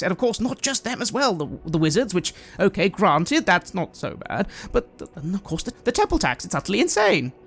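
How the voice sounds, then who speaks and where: A game master voicing a nervous male priest who stammers and rushes his words. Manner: stammering, hurried, high-pitched.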